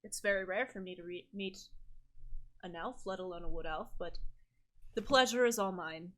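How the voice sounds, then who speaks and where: A man's voice: sits high, moderate pace, a bit bright. Woman voicing a polished male noble merchant, courtly and formal.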